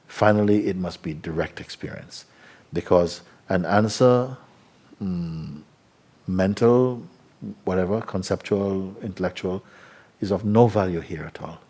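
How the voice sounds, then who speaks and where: Low husky guy teaching spiritual stuff, slow, keeps asking questions back. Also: a little mellow. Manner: unhurried, questioning, repeats for emphasis. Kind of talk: spiritual talk to a live audience.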